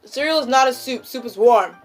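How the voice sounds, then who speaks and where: A woman's voice: sits high, fairly quick, faint music behind. A young woman hosting a casual chat, rambling and giggly with lots of "like". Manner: giggly, rambling, heavy use of "like". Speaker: channel host. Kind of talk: casual stoned mukbang chat.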